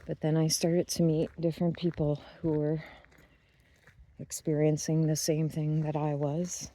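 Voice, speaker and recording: A YouTube channel host speaking outdoors on a walk by a field, giving a reflective spiritual monologue in an unhurried, musing way with pauses and restarts. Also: mid-range voice, monotone, dark tone.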